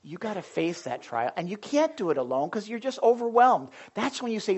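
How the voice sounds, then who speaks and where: A pastor preaching a sermon in a loose, conversational way, with jokes and asides to the congregation. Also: male voice, sits high, big pitch swings, a little fast, hardly any pauses, a little mellow, husky.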